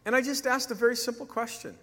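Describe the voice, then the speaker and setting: A man's voice: very high voice, fairly even intonation, fast, fairly bright tone, in a large hall. A male pastor preaching a sermon in a conversational way, acting out dialogue when he tells stories.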